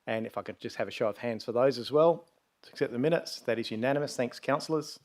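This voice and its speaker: A man presiding over a council meeting, moving briskly through procedural items and fielding questions. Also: medium pitch, a little mellow. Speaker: presiding mayor chairing the meeting. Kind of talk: chairing a formal council meeting.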